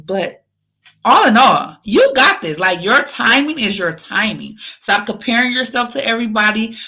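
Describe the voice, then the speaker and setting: A woman's voice: medium pitch, pushed and bright. A woman podcast host giving an emphatic motivational pep talk, repeating phrases for emphasis.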